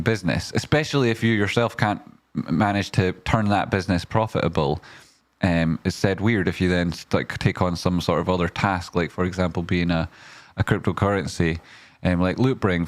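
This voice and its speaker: Rambling man, low dry voice. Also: normal speed, dry recording. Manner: rambling, full of fillers, flares into loud swearing rants. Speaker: stock market streamer. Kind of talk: casual livestream commentary.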